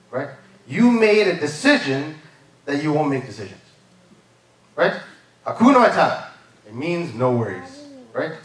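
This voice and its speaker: Guy preaching at church, chatty, keeps asking right? amen?, sounds far off in a big echoey room. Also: fairly high pitch. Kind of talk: sermon. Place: church service.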